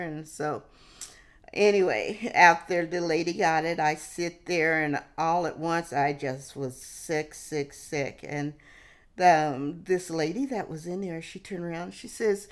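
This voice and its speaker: A woman vlogger telling a personal story to camera in a halting way, often restarting and dropping in "hey". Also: low-pitched.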